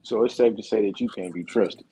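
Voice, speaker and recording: A man's voice: fairly low pitch, fairly quick, warm tone, slight background noise, poor audio. A man co-hosting a casual podcast, reacting to a friend's story with teasing follow-up questions. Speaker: podcast co-host. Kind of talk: casual chat, asking questions.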